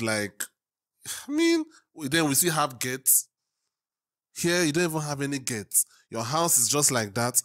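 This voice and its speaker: A man from Africa hosting a casual reaction video, musing and thinking aloud with pauses. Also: mid-range voice, fairly bright tone.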